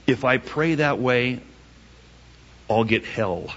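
A man preaching a sermon emphatically, asking rhetorical questions and swinging his pitch up and down. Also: very animated, slow, long pauses, bright, forceful tone. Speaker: pastor. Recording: dull lo-fi recording.

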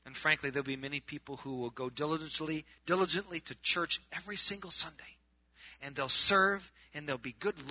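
A man preaching a sermon to a group, swinging from loud, urgent appeals to hushed, quiet stretches. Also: fairly high pitch, slightly rough, dry recording, dull audio.

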